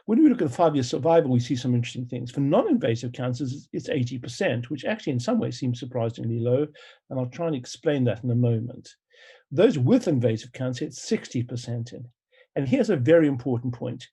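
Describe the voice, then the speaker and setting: A man giving an academic lecture as a pathology professor, measured and explanatory, pausing often on "uh". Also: mid-range voice, animated, mellow, husky. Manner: measured, explanatory, with frequent "uh" pauses. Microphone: remote talk recording.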